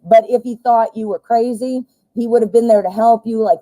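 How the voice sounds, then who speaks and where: A woman hosting a live tarot reading, chatty and excitable, who blurts out exclamations. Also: on the high side, normal speed, few pauses, low-quality recording.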